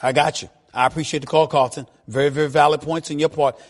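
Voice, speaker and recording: A man hosting a sports talk radio show and taking calls, emphatic and given to repeating himself, his voice shooting up when excited. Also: on the high side, quick pace.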